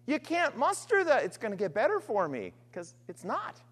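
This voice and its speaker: A woman preaching a sermon, earnest and emphatic, alternating forceful stress with quiet, trailing phrases. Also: fairly high pitch, wildly swooping pitch, moderate pace, husky. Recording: long hall reverb.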